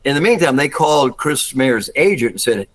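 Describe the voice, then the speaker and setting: An older man from Georgia speaks with a Southern accent in a mid-range voice. He tells stories in a relaxed, chatty interview, acting out what people said with sudden high-pitched bursts. He laughs often as he goes. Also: moderate pace, poor audio. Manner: animated, acts out quotes with jumps in pitch, laughs often. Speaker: guest actor. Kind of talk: casual storytelling interview.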